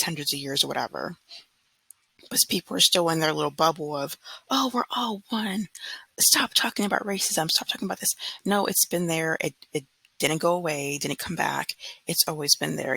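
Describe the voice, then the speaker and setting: A woman's voice: sits low, creaky, sharp tone, husky, no room sound, rough recording. A woman in her thirties from California, talking earnestly and frankly in a casual vlog monologue, often mimicking others in mocking quotes. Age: 30s. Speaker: vlogger.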